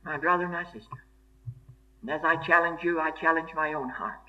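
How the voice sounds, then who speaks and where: Guy preaching, high bright voice, earnest and emphatic, muffled old tape sound. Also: moderate pace. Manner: earnest, emphatic, repeats for stress. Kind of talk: sermon. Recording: dull lo-fi sermon recording.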